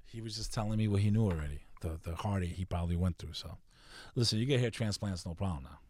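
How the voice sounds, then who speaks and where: A man in his forties telling stories in loose podcast chat, punchy and profane, leaning on "bro". His voice sits on the low side. The sound is dry and close to the mic. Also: quick pace, darkish tone, dry recording. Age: 40s. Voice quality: profane, emphatic storyteller, says "bro" a lot. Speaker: podcaster, guest.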